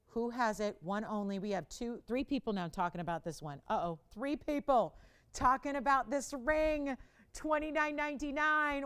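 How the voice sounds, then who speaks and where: Woman, middle-aged, live shopping host, chatty sales patter, slightly high, smooth clear voice. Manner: chatty, bantering with crew, urgent sales patter.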